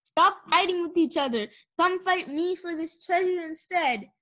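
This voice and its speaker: A restless young male dragon, loud and impatient, as a woman reads him. His voice sits high and eager in a storybook telling. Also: animated, moderate pace. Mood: boisterous.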